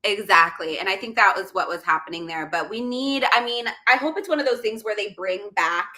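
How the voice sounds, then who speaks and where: A woman's voice: medium pitch, lively intonation, a little fast, sharp tone. A woman hosting a casual podcast chat, telling stories and laughing often. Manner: chatty storyteller, laughs often. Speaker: podcast host.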